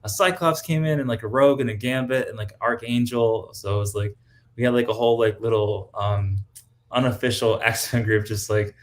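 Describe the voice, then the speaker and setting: A man with a mid-range voice and fairly even intonation speaks at a moderate pace as a guest cosplayer on a podcast. His talk is casual and chatty, full of fillers and frequent laughter.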